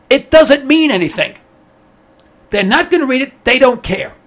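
A man's voice: very high-pitched, lively intonation, normal speed, long pauses, a bit bright. A man giving a blunt, emphatic ranting monologue on politics, sarcastic and repetitive, hammering his points again and again. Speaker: political commentator.

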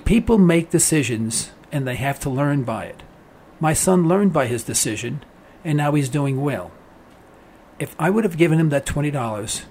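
High-voiced folksy talk radio host. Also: male voice. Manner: storytelling, folksy and emphatic, acts out quotes. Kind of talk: call-in talk radio monologue.

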